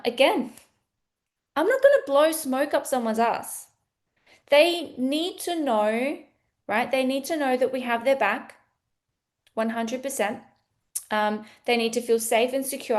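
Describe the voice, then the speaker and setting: A woman sales coach teaching in a casual, blunt, playful way, acting out bits of sales calls. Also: a little high. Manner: animated, blunt, playful, acts out sales dialogue.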